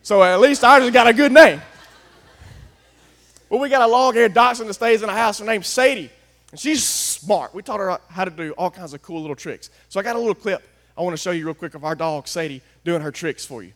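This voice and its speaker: A man preaching a folksy sermon, swinging from hushed asides to loud, emphatic declarations. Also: high-pitched, fairly quick. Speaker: pastor.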